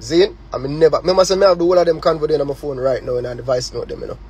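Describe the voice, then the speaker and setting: A man's voice: a little high, very fast, darkish tone, breathy edge, low-quality recording. A man with a Jamaican accent speaking in patois on a phone livestream, impassioned and confrontational, repeating words and firing rhetorical questions. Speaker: artist on a live stream. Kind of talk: heated direct address.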